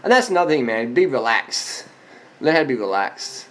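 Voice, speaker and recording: A man's voice: mid-range voice, very animated, moderate pace, a bit bright. A man of forty giving blunt, profane answers to viewer questions in a casual monologue, worn out after a long ride. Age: 40s.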